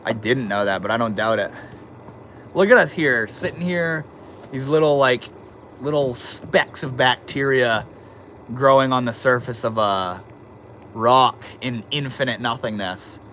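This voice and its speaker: A man's voice: mid-range voice, bright, forceful tone, slight background noise. A man casually chatting on a livestream, reading viewer comments aloud and answering them in a laid-back, slangy way.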